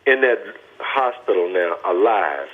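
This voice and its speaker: An older man from Texas, telling his personal testimony as a guest in an earnest, deliberate, emphatic way over a phone line. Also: low-pitched, animated.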